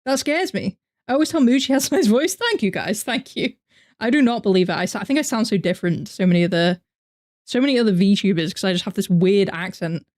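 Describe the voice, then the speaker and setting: A woman's voice: mid-range voice, animated, fast, darkish tone. A young woman with a northern English accent, chatting animatedly on a live reaction stream and answering her chat. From north of England. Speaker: VTuber streamer.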